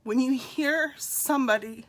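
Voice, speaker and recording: A middle-aged woman, congested, sharing a personal story on a live stream in a slow, heartfelt, confiding way and greeting viewers by name. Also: high-pitched.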